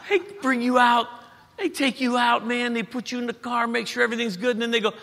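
A man, preaching a sermon in a folksy, joking, animated storytelling way. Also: sits high, normal speed, a little hiss or hum. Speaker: pastor. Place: church auditorium. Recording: church hall reverb.

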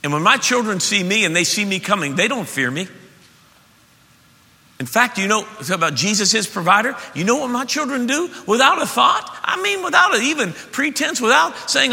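A man preaching a sermon as pastor, emphatic and animated, often restarting his sentences. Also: sits high, moderate pace, creaky. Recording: echoey hall.

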